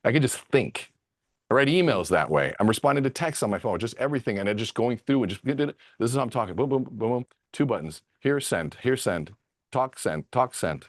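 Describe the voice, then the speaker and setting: A man speaking as an interview guest, telling stories in an excited, animated way. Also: mid-range voice, fast talker, no room sound, clean studio sound. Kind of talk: conversational interview.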